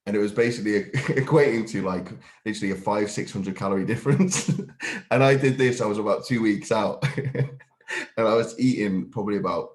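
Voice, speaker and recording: A man's voice: lowish voice, brisk. A man telling stories in a casual podcast chat, laughing often and swearing freely. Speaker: podcast co-host and bodybuilding competitor. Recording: roomy echo.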